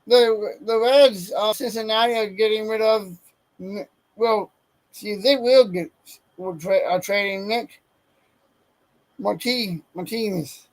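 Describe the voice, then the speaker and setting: A man talks sports casually, working through a list of names at an unhurried pace. His voice sits high for a man. He trips over names, backs up and tries again. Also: rough recording. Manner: stumbles over player names, self-correcting; reading from a list. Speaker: sports podcast host.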